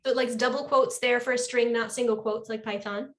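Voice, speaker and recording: A woman's voice: on the high side, steady tone, brisk, a bit bright. A woman leading an online coding workshop over a video call, upbeat and encouraging. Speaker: workshop instructor.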